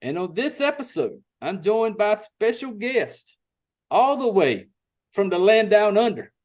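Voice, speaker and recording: Podcast host, man, high voice, cussing and rambling loosely. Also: sing-song, a little slow, a little mellow. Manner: laid-back, profane, rambling with restarts. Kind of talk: casual podcast chat.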